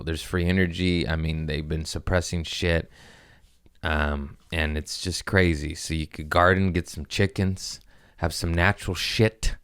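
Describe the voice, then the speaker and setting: Deep-voiced man rambling crude jokes. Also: fairly bright tone, clear, resonant tone. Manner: crude, rambling, laughs at his own jokes. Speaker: podcast host. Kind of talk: casual comedic monologue.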